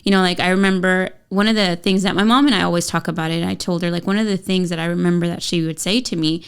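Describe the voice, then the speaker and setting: A woman's voice: fairly low pitch, steady tone, fast talker, gravelly, smooth. A woman in her thirties co-hosting a casual parenting podcast, talking candidly and chattily with lots of fillers. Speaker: podcast co-host.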